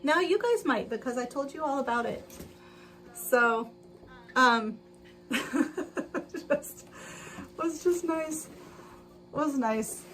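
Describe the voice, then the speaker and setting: Hosting a laid-back sewing livestream, this woman has a high, animated voice, takes her time and pauses often. She chats with viewers and walks herself through each step with plenty of laughter. Sewing machine noise fills the noisy stream audio.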